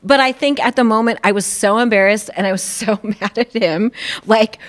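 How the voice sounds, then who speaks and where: A middle-aged woman co-hosts a podcast in casual chat. She tells stories with animation, slips into quoted voices, and laughs easily along the way. Her pitch sits in the middle for a woman. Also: normal speed. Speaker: podcast co-host.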